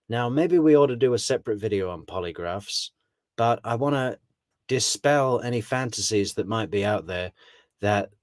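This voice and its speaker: A man's voice: lowish voice, no room sound, studio quality. A man giving casual, sardonic true crime commentary, mocking the people he talks about in put-on voices.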